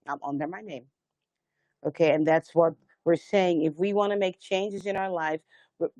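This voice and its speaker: On her live sound healing stream, a woman speaks in a low, slightly mellow voice, and the recording is dry. Her spiritual talk is earnest storytelling that wanders and restarts many times, encouraging listeners to hold firm and stand strong.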